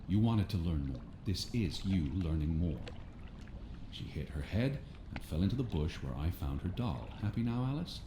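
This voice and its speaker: A man playing a curt, grieving American gentleman scholar in a horror game, speaking dryly. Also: low-pitched, lively intonation, normal speed, background noise. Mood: blunt. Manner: dry, curt. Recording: roomy, with game music behind.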